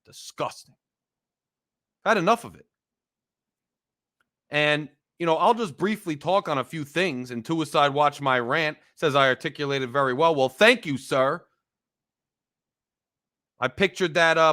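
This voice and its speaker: Bright-voiced man ranting about his team. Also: a little high, moderate pace. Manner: emphatic, wry, repetitive ranting. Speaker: sports podcast host. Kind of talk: casual fan rant.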